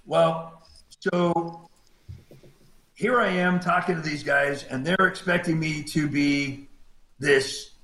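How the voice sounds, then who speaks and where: A man's voice: on the high side, bright, forceful tone, roomy sound, rough recording. A middle-aged man, a cave rescue diver, telling a story in a laid-back way and acting out the quotes. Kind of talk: storytelling in a casual interview.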